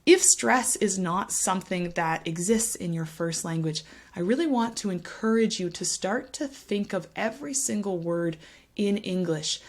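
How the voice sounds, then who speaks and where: A woman teaching English pronunciation to camera, speaking clearly and patiently and tapping out rhythms to demonstrate. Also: on the low side. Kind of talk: explaining a language lesson to camera.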